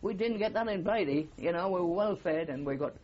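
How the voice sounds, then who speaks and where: A man's voice: high-pitched, animated, fairly quick, a little mellow, highs cut off. An older man with a Geordie accent, a war veteran telling rambling stories with many fillers in an oral history interview. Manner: rambling anecdotal storytelling with frequent fillers.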